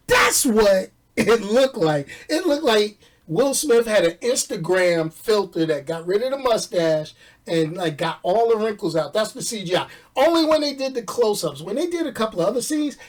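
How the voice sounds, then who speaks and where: Man from New York, animated casual reviewer, joking, set back from the mic. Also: high-pitched, distant mic. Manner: animated, jokey, slangy, laughs often. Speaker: movie reviewer. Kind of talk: casual movie review chat.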